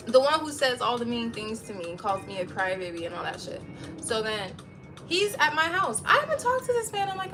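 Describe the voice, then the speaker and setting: A woman streaming from home, chatting casually with her viewers and telling a story in a lively, profane way. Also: a little high. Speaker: live streamer.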